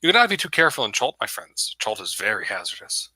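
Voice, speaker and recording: A man voicing a sly, wheedling male cat-folk hunter in a tabletop game, attempting a halting, thick Russian-style accent. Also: on the low side, big pitch swings, bright, forceful tone, slightly rough, no room sound, heavily acted, poor audio. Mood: shifty. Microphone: computer mic over online voice chat.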